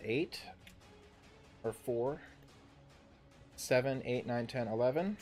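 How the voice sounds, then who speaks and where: Halting man in his thirties running a game. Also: medium pitch, darkish tone, faint music behind. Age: 30s. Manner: halting, full of fillers and restarts. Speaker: dungeon master. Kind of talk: narrating a tabletop game livestream.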